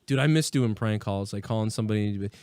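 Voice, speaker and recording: A man's voice: lowish voice, a little fast, darkish tone, no room sound. A man in his thirties hosting a casual talk show, laid-back and rambling, full of "like" and restarts. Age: 30s. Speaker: podcast host. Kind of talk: casual chat.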